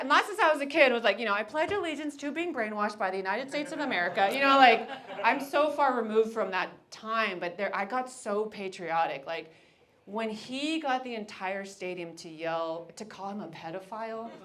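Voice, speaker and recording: Bright-voiced woman doing stand-up. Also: medium pitch. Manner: animated storytelling, acts out characters. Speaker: stand-up comedian. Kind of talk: stand-up comedy set.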